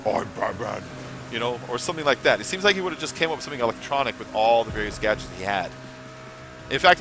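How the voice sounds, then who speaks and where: On a live gameplay stream, a male host with a mid-range voice chats casually and rambles, swearing occasionally and reading viewers' chat messages out loud.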